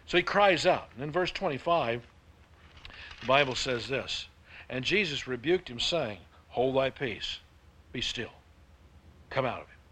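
Emphatic preacher man, bright voice. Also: mid-range voice, breathy edge. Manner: emphatic preaching, swings between hushed and loud. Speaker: pastor. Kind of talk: sermon.

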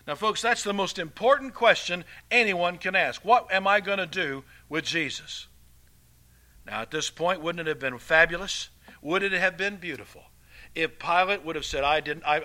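A man preaching a sermon, his voice bright, sharp and forceful. He pitches a little above the usual male range and swings between loud, emphatic declarations and quiet, hushed passages. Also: normal speed.

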